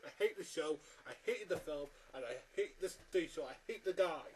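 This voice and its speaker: A man's voice: fairly high pitch, animated, moderate pace, darkish tone, a little hiss or hum, low-quality recording. A man giving a blunt, exasperated film review, often restarting his sentences. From Britain. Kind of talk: casual ranting review.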